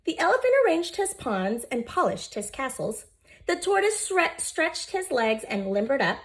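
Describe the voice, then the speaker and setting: A woman in her thirties, a teacher, reading a children's picture book aloud in an expressive, gentle voice and talking directly to her young listeners. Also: high-pitched, normal speed. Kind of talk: storybook read-aloud for children.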